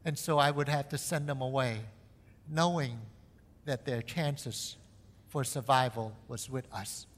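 A man's voice: mid-range voice, steady tone, a little slow, in a large hall. A man from Cambodia, a missionary preacher giving an earnest sermon testimony that rises into impassioned pleading.

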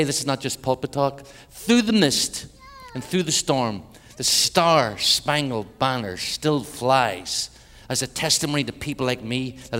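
A man with an Irish accent, a visiting preacher giving a sermon full of jokes and prayer to a congregation. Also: medium pitch. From Ireland. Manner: joking with the congregation, then hushed prayer. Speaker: guest preacher. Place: large church. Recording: long church hall reverb.

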